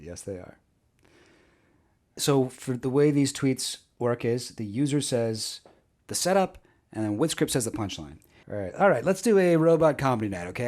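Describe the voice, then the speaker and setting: A man hosting a casual comedy video, reading jokes in a mock stand-up delivery and chatting about them. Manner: animated, mock stand-up delivery with lively pitch swings.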